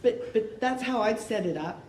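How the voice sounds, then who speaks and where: A woman from Canada speaks frankly during a recovery meeting share, her fairly high voice lively and at normal speed, with a crowd in the background. She tosses out rhetorical questions casually, and the echoey room carries faint noise.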